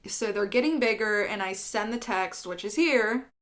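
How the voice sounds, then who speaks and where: A woman's voice: medium pitch, lively intonation, moderate pace, a bit bright. Candid, swearing woman telling a story. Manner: candid, swears freely, rambling with fillers. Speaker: vlogger. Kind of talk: storytime vlog.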